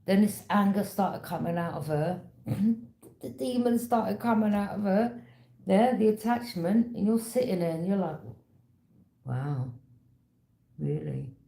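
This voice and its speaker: A woman's voice: medium pitch, normal speed, dark tone. A woman giving a tarot reading in a casual, conversational storytelling manner, knowing and direct. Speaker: tarot reader. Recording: echoey room.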